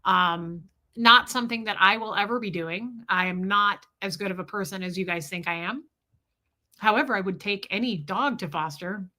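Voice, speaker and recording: Candid and chatty, a woman vlogger relays a story and replies to her viewers' comments, often laughing and addressing them directly. Her voice is medium in pitch with a sharp tone, and she speaks at normal speed.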